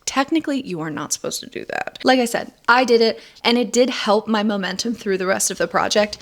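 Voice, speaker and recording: A young woman talking candidly to camera in a casual vlog about her writing, with chatty, dramatic emphasis. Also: medium pitch. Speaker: writer and vlogger.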